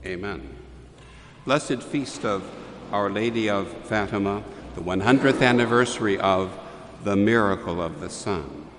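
A man preaching a homily, telling a story in a measured way with restarts and pauses. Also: on the low side, long reverb tail, background noise. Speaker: priest.

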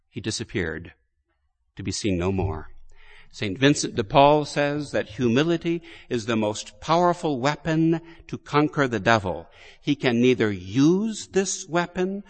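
A middle-aged man preaching a sermon at a measured, unhurried pace. His mid-range voice swells on key words and sinks to near quiet at the ends of phrases. He speaks as a Catholic priest addressing his congregation. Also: mid-range voice. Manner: slow, deliberate preaching with emphatic rises and quiet drops.

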